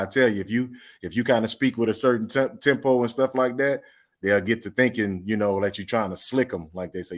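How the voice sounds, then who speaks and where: A man hosting a live chat, telling relaxed stories and acting out both sides of old conversations. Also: lowish voice. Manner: laid-back storyteller who quotes people in dialogue. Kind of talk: casual chat.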